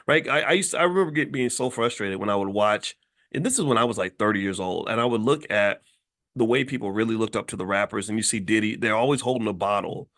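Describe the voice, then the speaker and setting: A man's voice: lowish voice, quick pace, fairly bright tone. Blunt, lecturing middle-aged man. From Louisville, Kentucky. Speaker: commentator host. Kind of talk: casual monologue.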